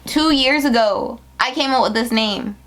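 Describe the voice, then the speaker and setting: A young woman unboxing her new business packaging in a casual vlog, excitable and emotional, talking in slang. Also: a little high, normal speed. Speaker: beauty business owner.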